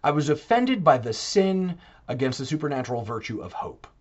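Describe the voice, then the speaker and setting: A man talking in a casual podcast monologue, animated and putting on mock voices when he quotes others. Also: a little high, fairly quick, dull audio. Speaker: Catholic podcaster.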